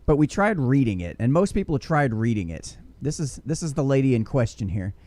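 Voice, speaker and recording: A man's voice: medium pitch, very animated, brisk, dark tone. Joking man, podcast co-host. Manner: rambling, joking, many restarts. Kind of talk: casual chat.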